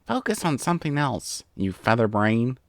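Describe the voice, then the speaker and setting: A man's voice: medium pitch, very animated, moderate pace, dry recording, studio quality. A man voicing a brash tomboyish young female pegasus pony who coaxes and pleads, from a storybook reading. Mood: muttering to self. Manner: cocky, pleading, wheedling.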